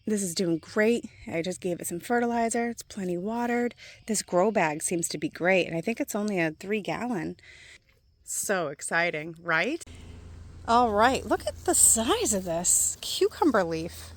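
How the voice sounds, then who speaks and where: A woman chatting casually and excitedly while showing her backyard garden plants outdoors. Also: mid-range voice, unhurried. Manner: chatty and excitable, laughs easily. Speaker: gardening vlogger.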